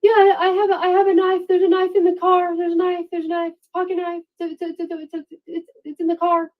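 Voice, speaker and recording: A woman's voice: very high-pitched, flat delivery, fast, phone-quality sound, voice pushed up. A woman voicing a panicked man who stammers frantically as he confesses on an emergency call. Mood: frantic.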